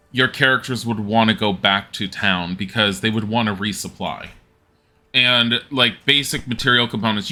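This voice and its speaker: A man's voice: lowish voice, bright, forceful tone. A man streaming a game, chatting casually and muttering commands, and he laughs often. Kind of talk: casual live commentary while gaming.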